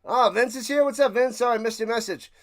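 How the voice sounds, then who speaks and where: A man's voice: very high voice, quick pace. A man hosting a live game watch party stream, calling plays and ranting sarcastically to his chat. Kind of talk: live play-by-play and casual rant.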